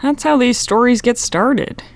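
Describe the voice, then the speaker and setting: A woman's voice: fairly high pitch, a little slow, vocal fry, pitched above the performer's own voice. Lady reading as unbothered teenage boy, matter-of-fact and cool. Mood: calm. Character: calm, skeptical teenage boy.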